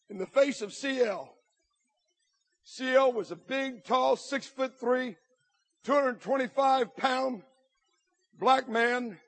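A man with an unusually high, breathy, husky voice delivers a sermon testimony. He swings from low, quiet storytelling to shouted calls to the congregation. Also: big-room sound. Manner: rising to shouted exhortation, drops low to tell the story. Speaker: preacher.

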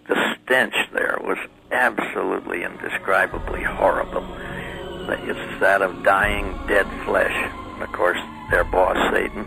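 A man's voice: sits low, fairly even intonation, a little slow, creaky, over music, poor audio. A man giving earnest testimony as an interview guest, telling his story vividly and dramatically. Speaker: guest recounting a near-death experience.

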